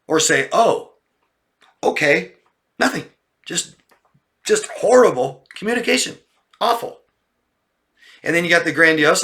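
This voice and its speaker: A man's voice: fairly high pitch, moderate pace. A man giving relationship coaching, talking casually and answering viewer questions, often acting out exasperated exchanges. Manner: animated, mimics people in exasperated voices.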